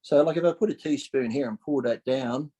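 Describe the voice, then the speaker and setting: A man in his forties talks a little fast in a medium pitch, heard through poor audio. On a podcast as a guest, he shares stories casually and energetically, mimicking what people said, swearing without hesitation and laughing often.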